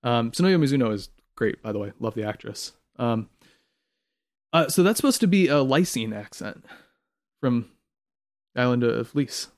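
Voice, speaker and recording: A man co-hosting a podcast in casual chat, relaxed and opinionated, with frequent "um"s. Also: medium pitch, normal speed, long pauses. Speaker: podcast co-host.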